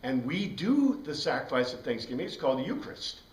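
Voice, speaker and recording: A man teaching a Bible class, lively and digressive, spelling out Greek words for his students. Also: medium pitch, fairly quick. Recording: roomy room, distant mic.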